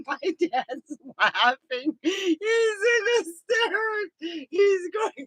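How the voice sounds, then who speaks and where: A woman's voice: high-pitched, takes it slowly, a bit bright, dry recording. A middle-aged woman vlogging, telling a rambling story in a casual, giggly way. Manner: rambling, giggly, breaks into laughter.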